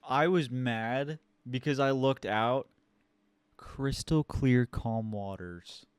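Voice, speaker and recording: A man's voice: medium pitch, slow pace, clean tone, no echo. A young man from Ohio, co-hosting a podcast and telling a story in an exasperated, swearing, casual way. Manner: swears a lot, animated and exasperated. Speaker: podcast co-host.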